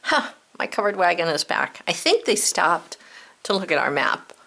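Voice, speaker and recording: A woman teacher talks young pupils through a spelling worksheet in a playful, encouraging way, slowing down to sound out each letter. Her voice sits a little low but has a bright, forward tone. A gravelly fry runs through it. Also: very animated. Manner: upbeat, playful, encouraging, sounds words out slowly. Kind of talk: children's spelling lesson.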